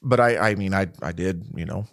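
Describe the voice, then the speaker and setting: A man with a Midwestern American accent, a podcast guest telling a story in a relaxed, rambling way with many fillers and restarts. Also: deep voice, a little fast, no echo, clean studio sound. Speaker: podcast guest, corrections lieutenant. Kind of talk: casual storytelling interview.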